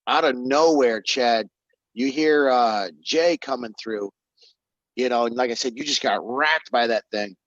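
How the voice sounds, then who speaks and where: A man's voice: medium pitch, a little slow, fairly bright tone, no room sound, lo-fi sound. A man narrating a tabletop game as game master, casual and profane.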